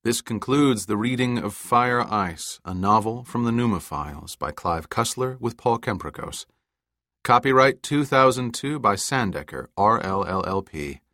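A man reads a novel aloud in measured, even narration. His voice is deep and the recording is close and dry, with no room sound. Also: no echo. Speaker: audiobook narrator. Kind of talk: scripted narration.

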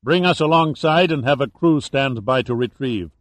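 A man voicing a calm, commanding male patrol ship captain in an audiobook, speaking in a measured, matter-of-fact way. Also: medium pitch, dry recording, close to an everyday voice.

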